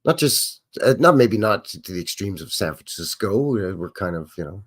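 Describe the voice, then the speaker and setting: Over old footage, a Canadian livestream host in middle age offers easygoing, unscripted commentary at a moderate pace. He's rambling and chatty, greets people in chat by name, and his voice swings widely in pitch.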